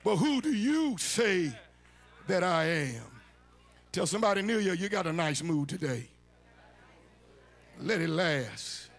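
A man preaching a sermon, shouting and chanting his lines in a sung, call-and-response cadence. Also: high voice, sing-song, slow pace, pauses often. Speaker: bishop preaching. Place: church sanctuary.

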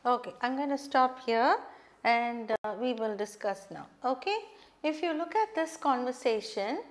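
A woman teacher giving a spoken lesson, explaining slowly and often checking in with "okay". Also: on the high side, animated. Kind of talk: spoken lesson on phone manners.

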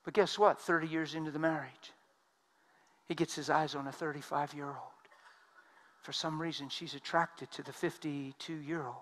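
A man preaching a sermon, telling stories with emphasis and swinging from loud outbursts to hushed tones. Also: a little high, steady tone, moderate pace. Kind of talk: sermon storytelling.

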